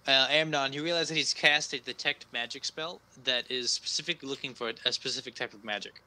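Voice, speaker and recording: A male game master narrates a tabletop game in a relaxed, halting way, full of fillers. His voice is very bright and forceful and sits at an ordinary pitch. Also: poor audio.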